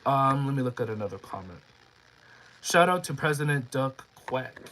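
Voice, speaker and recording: A young male streamer talking off the cuff to his viewers. He rambles from one thought to the next, reads comments out loud and often restarts his sentences. His voice sits at an ordinary middle pitch. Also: expressive, normal speed, slight background noise, rough recording. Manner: rambling, reads chat comments aloud, many restarts and fillers. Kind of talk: casual live-stream chat.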